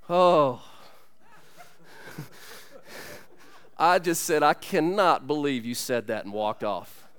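Male pastor, earnest conversational sermon, bright clear tenor, dry close sound. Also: high voice, no echo. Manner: earnest, conversational preaching with asides to the congregation. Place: church.

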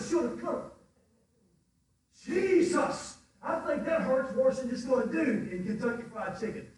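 High-voiced preacher in echoey hall. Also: male voice, recorded from a distance, a little hiss or hum. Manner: fervent, swings from quiet asides to shouting. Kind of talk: sermon.

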